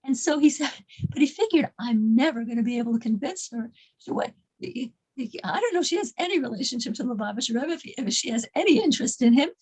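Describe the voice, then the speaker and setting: A woman leads a small group and tells them a story in a casual, unscripted way. Her voice sits high, and she stumbles and repeats words as she goes. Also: lively intonation, a little mellow, slightly rough, rough recording. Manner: halting, repeats words and restarts often. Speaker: class leader telling a story.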